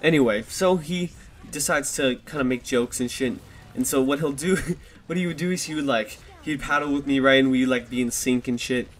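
A twentysomething vlogger tells his viewers a story in a casual, rambling way, swearing a lot and laughing at himself. His voice sits at medium pitch and moves at a moderate pace, with music playing in the background. He's recorded on a desktop USB microphone.

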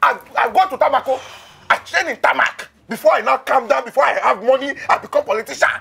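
A man doing a Nigerian father, laughing, bellowing, lively pitch, comedy skit. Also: measured pace, breathy edge, full character voice. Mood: furious. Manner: chuckling, then bellowing threats. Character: blustering middle-aged Nigerian father, volatile.

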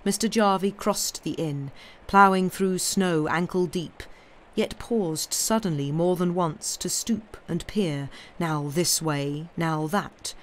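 A woman reading a classic story aloud as narrator on a livestream, in a slow, deliberate storytelling manner. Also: deep voice. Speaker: reader.

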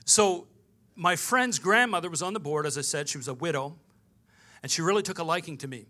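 A pastor preaching in a bright, forceful voice that sits a little high for a man. He tells his story through lively back-and-forth dialogue, acting out each exchange as he goes. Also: fairly quick. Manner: storytelling with quoted dialogue, animated. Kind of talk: sermon.

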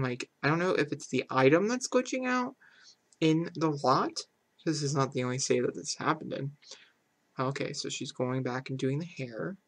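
A chatty man narrating a game playthrough with a gravelly edge of vocal fry. He talks casually and is full of fillers, swinging between excitement and exasperated grumbling. His voice sits at an ordinary middle pitch. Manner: heavy filler "like", "super duper". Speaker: gaming channel host. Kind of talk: casual let's-play commentary.

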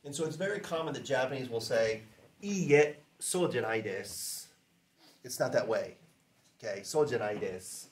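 A man teaching a class in a relaxed, chatty way, saying phrases slowly for students to repeat. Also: medium pitch, echoey room. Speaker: language teacher.

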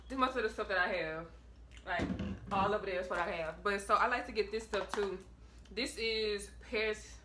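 A woman's voice: mid-range voice, sharp tone, slight background noise. A woman vlogging a casual try-on haul from her bedroom, chatting in a slangy, offhand way to her viewers.

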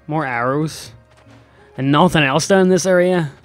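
A young man giving sarcastic, excitable let's-play commentary to his viewers. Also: a little high, measured pace, dry recording, soft background music. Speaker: gaming YouTuber.

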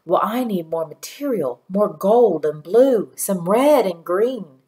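A woman voicing a warm, proud elderly grandmother who speaks in a folksy dialect with slow, emphatic phrasing. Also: medium pitch, animated.

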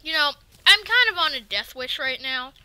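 A woman giving casual let's-play commentary, excitable and talking back to the game's enemies. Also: high voice, normal speed. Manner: excitable, swears and talks to the game enemies. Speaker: gaming video creator.

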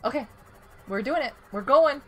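A woman's voice: sits high, lively intonation, moderate pace, fairly bright tone, a little hiss or hum. A woman streaming a survival game, chatting playfully and giggling as she counts out her items. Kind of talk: casual gameplay chat.

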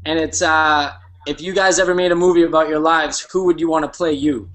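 A man's voice: on the high side, fairly even intonation, a little fast, a bit bright, rough recording. A man in a casual group chat, reading out fan questions and talking about his film work. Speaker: cast member reading questions.

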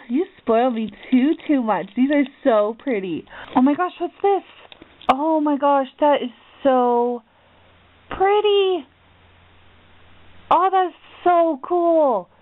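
Gushing high-voiced young woman, tinny audio. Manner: gushing, excitable, gasps often. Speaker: crafting vlogger. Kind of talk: package opening vlog.

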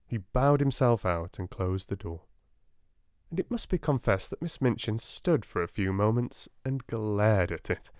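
A man with a British accent reading a classic novel aloud in a gentle, soft-spoken audiobook style. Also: on the low side, no room sound, studio quality. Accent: British English. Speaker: audiobook reader.

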